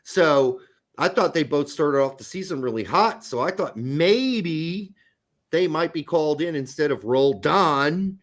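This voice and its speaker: Sex: man. Role: podcast co-host. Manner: blunt, joking, profane. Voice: slightly high, very animated. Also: measured pace. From United States. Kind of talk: casual sports chat.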